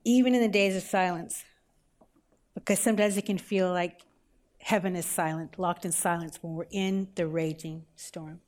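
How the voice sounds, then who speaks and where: A woman's voice: lowish voice, steady tone, moderate pace, a little mellow. A middle-aged woman preaching a sermon as a pastor, telling the story with everyday examples and rhetorical questions.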